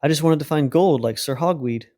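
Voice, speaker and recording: A man voicing an eager young boy mouse explorer in a storybook reading, with excited high delivery. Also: a little fast, close to an everyday voice. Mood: frightened.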